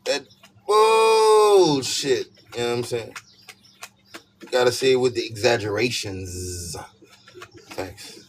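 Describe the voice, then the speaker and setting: A man's voice: fairly low pitch, a little slow, long pauses. A man giving a casual tarot reading, talking emphatically and repeating his points with many "you know what I'm saying" asides. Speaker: tarot reader. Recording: steady background noise with birdsong.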